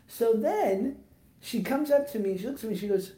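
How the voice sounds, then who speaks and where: A man in his thirties co-hosting a casual podcast, telling animated stories and laughing as he goes. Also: high-pitched, normal speed. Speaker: podcast co-host. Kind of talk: casual chat, storytelling.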